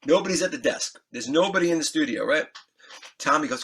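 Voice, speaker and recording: A man being interviewed as a musician, telling an animated, excitable anecdote, acting out scenes and swearing freely. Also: on the high side, moderate pace, long pauses, slight background noise. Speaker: guest musician.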